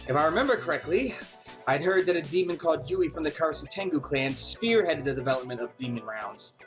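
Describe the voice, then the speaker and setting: A man voicing a calm, serious female informant from a game, briefing in a measured, grave way. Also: faint music behind, close to an everyday voice. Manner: measured, grave, low-key. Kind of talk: reading game dialogue aloud.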